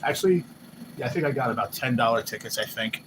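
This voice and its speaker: A man hosting a live stream, chatting casually and excitably, swearing loosely and often mimicking what others said. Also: medium pitch, quick pace. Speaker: livestream host. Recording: noisy background hum.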